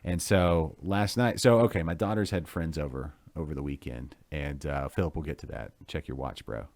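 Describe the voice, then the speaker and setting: Man in his forties, low voice, dry close sound, excitable rambling host. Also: dry recording. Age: 40s. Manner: enthusiastic, rambling, quick to laugh. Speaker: podcast host. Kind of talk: casual live interview chat.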